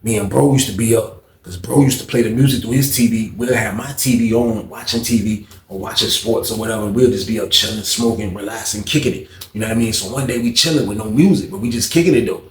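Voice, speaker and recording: A man's voice: lowish voice, quick pace, few pauses, reverberant. A man casually telling a prison story with plenty of fillers and swearing. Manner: casual, profane, lots of fillers.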